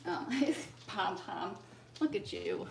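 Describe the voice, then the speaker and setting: A woman's voice: mid-range voice, animated, slow, vocal fry, background noise. A woman hosting a home livestream, chatting casually with viewers and gushing at her dogs in baby talk. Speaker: livestream host. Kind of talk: casual chat with viewers and pets.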